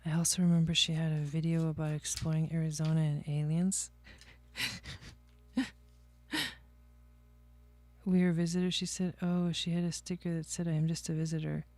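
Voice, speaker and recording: A woman's voice: deep voice, flat delivery, normal speed, pauses often, darkish tone. A woman doing casual livestream astrology and tarot readings, chatty, laughing often and talking to her viewers by name.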